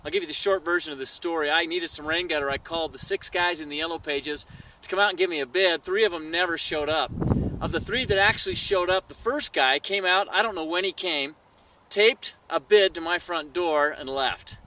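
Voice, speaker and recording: A man telling a sales story to camera in a vlog, animated and acting out the people he quotes. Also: fairly high pitch, fairly quick, distant mic, slight background noise, rough recording. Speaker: sales trainer. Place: outdoors.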